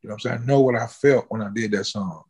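A man in an interview, casually telling a long story, swearing freely and jumping high in pitch when he acts out what people said. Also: rapid-fire, darkish tone, slightly rough. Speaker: interview guest, musician.

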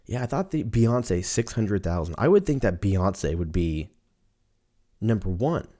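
A man's voice: on the low side, very animated, measured pace, mellow. A young man talking casually and profanely on his own, rambling from one thought to the next. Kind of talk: casual solo chat.

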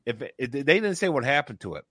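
A man's voice: mid-range voice, very animated, quick pace, a bit bright, slightly rough, no room sound, clean studio sound. A man hosting a casual discussion, making emphatic points and stopping often to say "okay".

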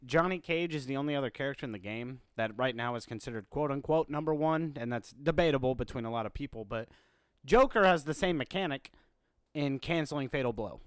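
A man co-hosting a podcast, chatting casually and excitedly about a fighting game, swearing freely. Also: mid-range voice, a little fast, clear, resonant tone, dry recording. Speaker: podcast co-host. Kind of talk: casual gaming chat.

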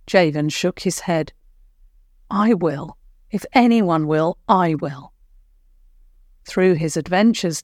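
Slow, low-voiced woman storyteller. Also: a little mellow, dry recording, studio quality. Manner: slow, soothing, unhurried. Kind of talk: calm bedtime story narration.

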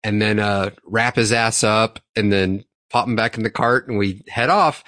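A man co-hosting a podcast, swearing freely as he tells a lively story to his friends. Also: fairly low pitch, moderate pace, dry recording. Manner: profane, animated storytelling. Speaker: podcast co-host. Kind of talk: casual storytelling among friends.

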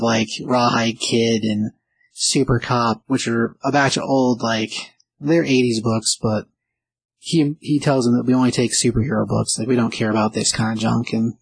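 Husky man recapping a comic book. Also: medium pitch, low-quality recording. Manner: rambling, acts out quotes lightly, frequent "like" and "uh". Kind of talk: casual spoken recap.

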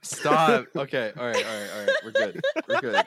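Swearing, lively-voiced man at a game table. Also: mid-range voice, brisk, very noisy. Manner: swears a lot, breaks into laughter. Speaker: player. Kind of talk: casual chat at a tabletop game.

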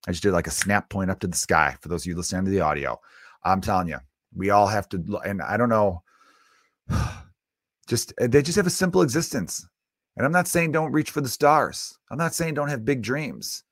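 A man in his thirties, a comedian hosting his own podcast, delivering an animated, self-mocking solo rant. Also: on the low side, dry recording, studio quality.

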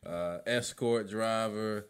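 A man's voice: on the low side, fairly even intonation, slow, smooth. A man hosting a casual podcast chat, easygoing and jokey. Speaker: podcast host.

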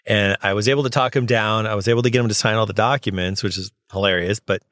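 A man who works as a notary, casually telling a personal story in an animated way and acting out both sides of the conversations. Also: fairly low pitch, quick pace, no echo, clean studio sound. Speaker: notary signing agent.

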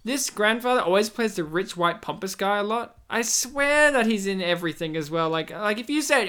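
A woman chatting casually during a movie commentary, animated and rambling, full of fillers and silly impressions. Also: mid-range voice, a little fast, few pauses. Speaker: co-host.

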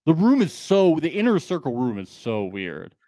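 A man co-hosting a podcast in casual chat, animated and fond of mimicking people. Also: a little high, moderate pace, dry recording. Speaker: podcast co-host.

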